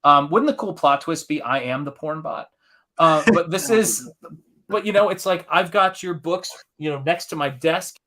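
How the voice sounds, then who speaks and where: A man's voice: fairly high pitch, normal speed, few pauses, sharp tone. A middle-aged man hosting a live art stream, chatting casually and enthusiastically with his viewers while he paints. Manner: enthusiastic, rambling, talks to the chat.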